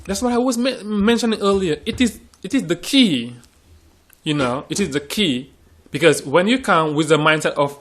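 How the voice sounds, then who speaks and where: Man, earnest English teacher, slightly higher voice, restarts phrases in panel talk. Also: lively intonation, moderate pace. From Senegal. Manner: earnest, repeats words while searching for phrasing. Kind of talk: panel discussion.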